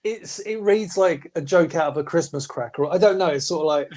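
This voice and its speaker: A man chatting casually as a podcast host reviewing comics, animated and quick to mimic voices. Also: fairly high pitch. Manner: animated, slips into mocking voices for quotes. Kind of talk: casual chat.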